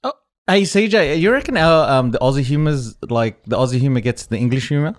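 A man's voice: medium pitch, lively intonation, a little fast. A man co-hosting a casual group podcast, teasing and ribbing a friend. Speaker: podcast co-host.

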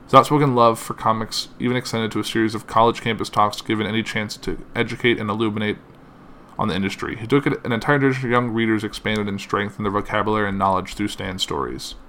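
Man, somewhat low voice, bright forceful tone, reading tributes aloud, halting with fillers, emotional. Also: fairly even intonation, slight background noise. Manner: halting, with frequent uh fillers and self-corrections. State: emotional, finding it hard to continue.

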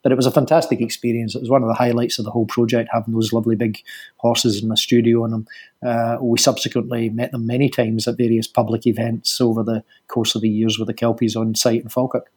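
Husky Scottish man, halting interview talk. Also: medium pitch, flat delivery, a little mellow. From Scotland. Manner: hesitant, many fillers and restarts. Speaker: sculptor guest. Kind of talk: conversational interview.

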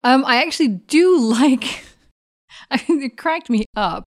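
A woman player chatting casually about the game, giggly and animated. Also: high voice, takes it slowly. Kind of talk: casual chat.

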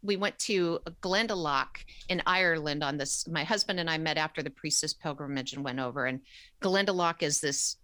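A woman telling a personal travel story in a casual, animated way. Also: sits low, moderate pace, no room sound.

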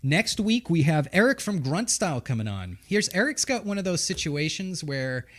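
A man's voice: fairly high pitch, big pitch swings, moderate pace. A man hosting a podcast from Massachusetts, talking casually in a loose, joking and rambling way with frequent restarts. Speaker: podcast host. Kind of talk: casual chat.

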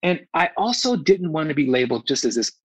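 A man's voice: fairly high pitch, big pitch swings, fast talker, no room sound, rough recording. A man, a film director, talking frankly and emotionally as an interview guest, often restarting and repeating himself. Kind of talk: candid casual interview talk.

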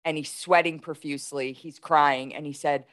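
A woman's voice: sits low, fairly even intonation, normal speed, a bit bright. A woman in her forties, a guest telling a story in casual talk, animatedly retelling events with quoted dialogue. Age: 40s.

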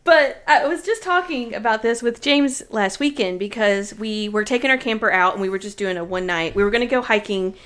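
A woman in her thirties co-hosting a casual chat, talking in a chatty, animated way and laughing often. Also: on the high side, fairly quick, hardly any pauses, smooth.

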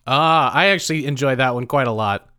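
A man's voice: medium pitch, brisk, bright, forceful tone, clean tone, no room sound, clean studio sound. A young man co-hosting a comedy podcast, giving wry reactions and sometimes trailing off into a mumble. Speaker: podcast co-host. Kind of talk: casual comedy chat.

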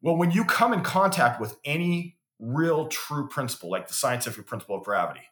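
A podcast guest with a fairly high, sing-song, slightly bright voice talks fairly quickly, telling stories earnestly. He often repeats words as he works toward a point, and the sound has a roomy echo.

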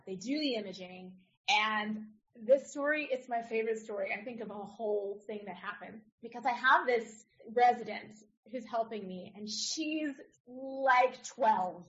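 Animated woman telling a personal story. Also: a little high. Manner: animated, acts out others' voices in her story. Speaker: podcast guest. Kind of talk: casual storytelling. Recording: dull lo-fi audio.

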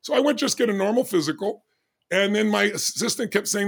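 A man in his sixties telling a personal story in an interview, animated and acting out the dialogue he recalls. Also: high voice, fast talker, vocal fry. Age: 60s. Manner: animated, acts out dialogue with doctors. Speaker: interview guest.

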